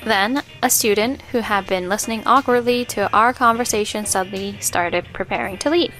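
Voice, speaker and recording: A woman giving a scripted first-person story narration in an even, measured way. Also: mid-range voice. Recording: faint music underneath.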